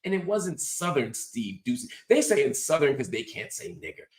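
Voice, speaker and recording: Animated preacherly man in an echoey room. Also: medium pitch, moderate pace. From United States. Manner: preacherly, emphatic, teaching cadence. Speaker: host. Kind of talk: animated political commentary.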